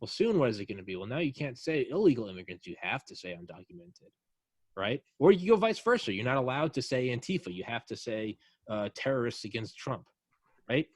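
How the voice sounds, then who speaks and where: A man hosting a podcast talks in a blunt, profane, animated way, pressing his argument hard. His voice sits at a middle pitch. The sound is dry and close, with no room around it. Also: brisk, breathy edge, no echo. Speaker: podcast host. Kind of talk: casual conversational podcast.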